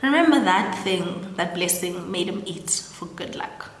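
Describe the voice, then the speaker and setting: A woman's voice: lowish voice, expressive, measured pace, slight background noise. A young woman casually recapping a film, chatty and full of fillers. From South Africa. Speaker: storyteller. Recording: echoey room, long reverb.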